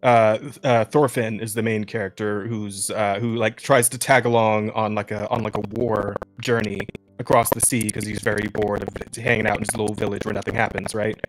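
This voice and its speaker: A man's voice: lowish voice, little pitch movement, a little fast, soft background music. A young man co-hosting a podcast in casual chat, rambling with lots of restarts, swearing and laughing often. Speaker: podcast co-host.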